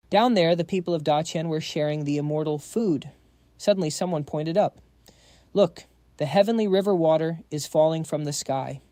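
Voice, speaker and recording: A man with a fairly high, mellow voice narrates a story recap in a dry, close recording. His delivery is dramatic and breathless, pushing each beat forward. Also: dry recording.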